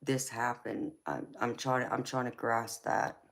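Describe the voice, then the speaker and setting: A woman from Georgia with a Southern accent, hosting a live tarot stream and chatting warmly with viewers, calling them honey and baby and laughing often. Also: extremely low pitch, fairly even intonation, vocal fry. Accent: Southern American. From Georgia, United States. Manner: slow, unhurried, laughs often.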